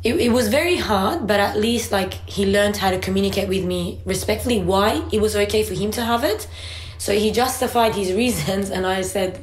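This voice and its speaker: A woman's voice: medium pitch, a little hiss or hum. A woman and mother chatting casually about parenting, telling a family story and quoting her child and herself. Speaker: parent co-host. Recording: echoey room with faint ambience.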